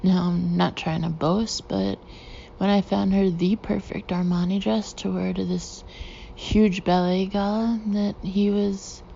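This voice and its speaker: A woman narrating a first-person audiobook expressively, slipping into soft breathy asides. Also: medium pitch, flat delivery, unhurried, muffled recording, a little hiss or hum.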